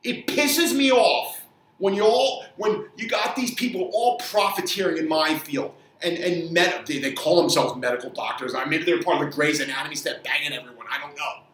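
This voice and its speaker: A man's voice: on the high side, normal speed, a bit bright, recorded from a distance, a little hiss or hum. A man who works as a fitness trainer, giving an angry, profane opinion rant with many stumbles and repeated words. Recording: echoey room, voice off mic.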